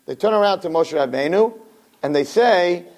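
High-pitched male teacher giving a lively Torah lesson to a roomful of listeners. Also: normal speed. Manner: animated, acts out dialogue with big pitch swings; Hebrew verses read then translated. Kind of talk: Torah class lecture to a live audience. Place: room with listeners.

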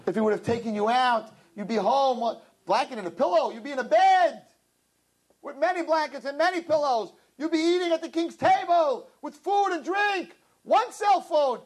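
Man preaching with dramatic pitch swings. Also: big pitch swings, normal speed. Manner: dramatic, swings from low murmurs to high shouting. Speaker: Jewish speaker. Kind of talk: sermon with a parable.

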